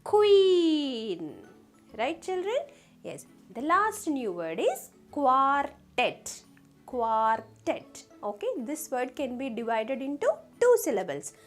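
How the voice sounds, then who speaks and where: A woman's voice: high voice, big pitch swings, slow pace, a bit bright, soft background music. A woman teaching a phonics lesson to young children. She sounds out letters one at a time and keeps asking the children questions. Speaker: kindergarten teacher.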